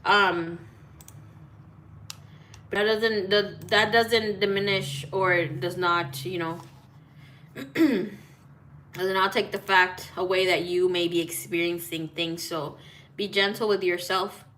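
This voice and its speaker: A woman with a bright, forward voice chats loosely with her live audience as a tarot reader. She greets viewers one after another, swears offhandedly and drops in Spanish hellos. A faint hiss of noise sits under her phone recording. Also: on the low side, fairly even intonation, slow, long pauses. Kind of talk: casual live-stream chat.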